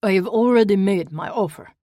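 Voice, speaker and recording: A woman's voice: mid-range voice, brisk, warm tone, no room sound, clean studio sound, pitched above the performer's own voice, lightly acted. A woman reading an audiobook, voicing a menacing male crime boss with a growling Eastern European accent. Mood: demanding. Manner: growling, cold, leering.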